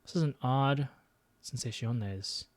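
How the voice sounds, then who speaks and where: A man talks through a geography guessing game at his own pace, half muttering his guesses. He is quick to knock his own play. His voice sits mid-range and sounds dry and close, with no room around it. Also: medium pitch, expressive, darkish tone, no room sound. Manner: thinks aloud, mutters guesses, self-deprecating. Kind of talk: casual gameplay commentary.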